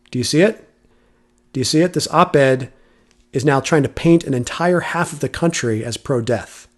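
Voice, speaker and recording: A man's voice: medium pitch, darkish tone. A man hosting a solo commentary podcast, arguing his point with rhetorical questions and frequent restarts. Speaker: podcast host.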